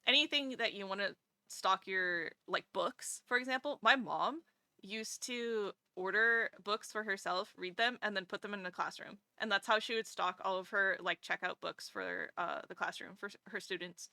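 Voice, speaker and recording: A woman streamer chatting casually while drawing, animated, laughing often and swearing casually. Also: medium pitch, moderate pace, gravelly, no echo, studio quality.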